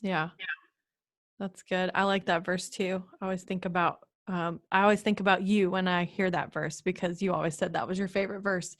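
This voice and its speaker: A woman's voice: lowish voice, steady tone, brisk, no room sound, clean studio sound. A young woman hosting a faith podcast, chatting casually with her mother and laughing easily. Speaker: podcast host. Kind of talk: casual interview.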